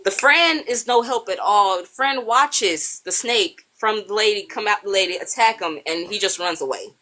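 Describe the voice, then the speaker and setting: A woman telling a story on a live stream, animated and acting out characters with frequent ums. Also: mid-range voice, moderate pace.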